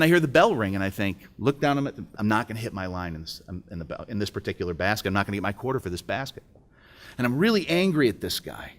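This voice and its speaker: A middle-aged man giving an emotional personal testimony at a breakfast event, telling a story and acting out the dialogue. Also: mid-range voice. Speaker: speaker at a business breakfast. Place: event hall.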